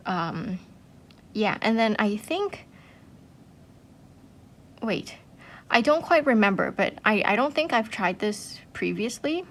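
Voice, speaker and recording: A woman's voice: mid-range voice, big pitch swings, takes it slowly, pauses often, fairly bright tone. A woman hosting an art channel, gushing in casual chat, full of "like" and "um" fillers. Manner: chatty, gushing, many "like" and "um" fillers.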